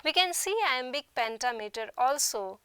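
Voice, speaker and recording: A woman from India, an assistant professor of literature, giving a slow, carefully enunciated recorded lecture in a studio. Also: high-pitched, lively intonation, pushed and bright, dry recording. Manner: slow, deliberate, clearly enunciated explanation.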